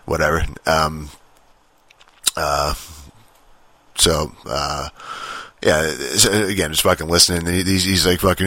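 A man's voice: very deep voice, little pitch movement, a little slow, pushed and bright, dry recording. A man hosting a podcast, telling a long story in a casual, profane, rambling way with many fillers and restarts. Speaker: podcast host.

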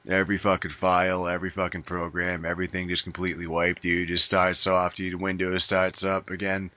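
Low-voiced man ranting profanely. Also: monotone, fairly quick, bright, forceful tone, no room sound. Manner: profane rambling storytelling, says dude a lot. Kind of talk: casual chat. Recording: dull lo-fi sound.

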